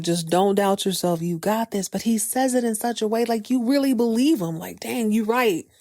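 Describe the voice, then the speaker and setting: A woman's voice: mid-range voice, darkish tone, no echo, clean studio sound. A woman hosting a podcast, recapping a TV episode in a casual, playful way with slangy jokes and asides. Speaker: podcast host.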